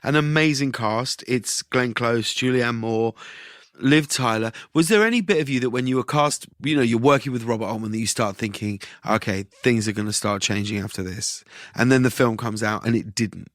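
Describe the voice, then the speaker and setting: A man's voice: medium pitch, moderate pace, fairly bright tone, dry recording, clean studio sound. A man hosting an interview, asking attentive follow-up questions. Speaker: interviewer, host.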